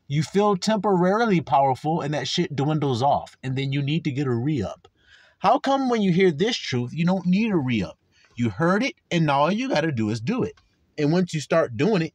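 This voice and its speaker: Male preacher, high animated delivery, dry close sound, shouts and swears. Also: dry recording. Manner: swings from low, measured scripture reading to loud, shouted preaching; profane and confrontational. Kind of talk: fiery street sermon.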